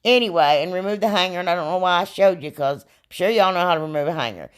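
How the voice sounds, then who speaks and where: A woman, a bit hoarse from losing her voice, rambling chattily through a crafting voiceover as a channel host. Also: on the low side, lively intonation, fast talker. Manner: chatty, rambling, self-deprecating, frequent "y'all" and "anyway".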